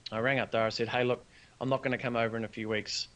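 A man's voice: mid-range voice, racing. A man, a business founder telling a personal story as a podcast guest, earnest and acting out the dialogue. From New Zealand. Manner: earnest, animated storyteller who acts out quoted dialogue.

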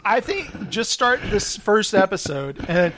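Man, high-pitched voice, casual chat, animated storyteller, frequent laughter. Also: measured pace, a little hiss or hum. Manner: animated storyteller, laughs often, acts out quotes.

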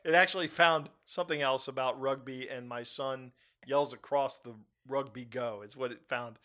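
A middle-aged man hosting a casual talk show, animated and quick to laugh, often repeating his words. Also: mid-range voice. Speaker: podcast host. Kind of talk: casual chat.

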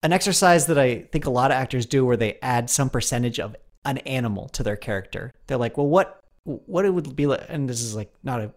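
A man's voice: medium pitch, fast talker, hardly any pauses. A man in casual comedic chat, rambling through stories, laughing often and swearing offhand.

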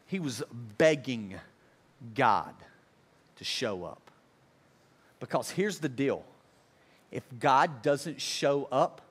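A man's voice: medium pitch, a bit bright. A pastor preaching a sermon to a congregation at a church service, earnest and repetitive, building emphasis as he goes.

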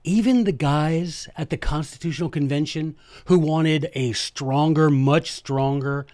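A man hosting a jokey history lesson, talking playfully and emphatically with quick asides, close to the microphone. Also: a little high, a little mellow, no echo. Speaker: host.

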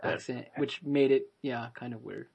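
Man as podcast panelist, mid-pitched, keen to cut in. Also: steady tone, moderate pace, creaky, crowd noise. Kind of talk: casual film review chat.

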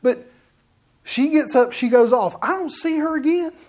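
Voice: high-pitched, normal speed. A middle-aged minister tells a story as a sermon testimony. The minister talks straight to the congregation, with asides and frequent restarts. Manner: animated storytelling, often restarts mid-sentence; addresses the audience directly with asides.

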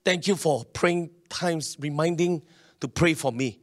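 A man preaching a sermon in a church, animated and calling on the congregation to respond. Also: a little high, a little slow, no echo, studio quality. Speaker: pastor.

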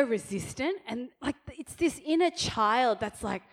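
A woman's voice: a little high, animated, normal speed, few pauses. A woman in her thirties giving practical marriage advice in a sermon, chatty, laughing often and checking in with "okay?". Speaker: pastor's wife, speaker.

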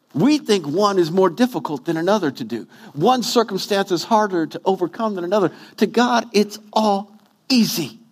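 Man preaching, high voice, pitch all over the place, theatrical delivery. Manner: animated preaching with wide pitch swings, acting out quotes. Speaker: pastor. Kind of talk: sermon.

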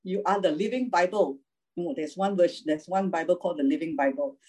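A woman's voice: on the low side, brisk, a little mellow, low-quality recording. A woman preaching an informal sermon, chatty, laughing often and checking in with the listeners as she goes.

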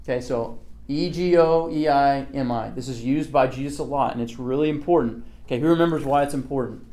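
A man's voice: medium pitch, a little fast, dark tone. Guy leading a bible study, chatty, keeps saying okay and asking the group stuff. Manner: conversational, repeats "okay" often, asks the group questions. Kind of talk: casual Bible study teaching.

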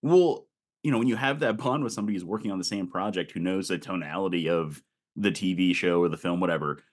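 Relaxed man hosting a podcast interview. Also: sits low, quick pace. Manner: relaxed, asks questions with light humor. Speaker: podcast host. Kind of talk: casual interview. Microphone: video call.

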